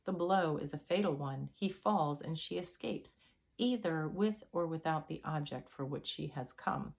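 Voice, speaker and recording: Woman narrator, low pitch, steady storybook read. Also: measured pace. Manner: reads aloud with occasional throat-clearing. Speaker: audiobook reader.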